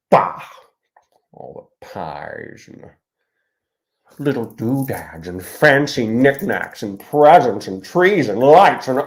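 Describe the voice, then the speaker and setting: A man's voice: on the low side, gravelly, heavily acted. A man doing a grumpy Christmas-hating Grinch. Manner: grumbling, sneering.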